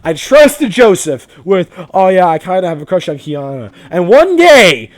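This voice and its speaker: A young man from Vermont rambling and swearing through a casual game commentary, self-deprecating and quick to laugh. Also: high-pitched, big pitch swings. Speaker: let's play commentator.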